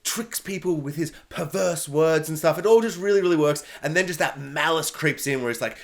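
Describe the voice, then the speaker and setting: A man giving a casual spoiler film review, animated and sarcastic, with joking asides. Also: on the high side, normal speed, hardly any pauses.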